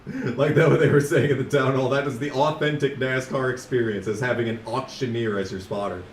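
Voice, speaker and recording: A man streaming a racing game, chatting casually and ranting sarcastically, sometimes mocking a fast auctioneer. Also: medium pitch, fairly even intonation, reverberant, far from the mic, a little hiss or hum. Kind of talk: casual live-stream commentary.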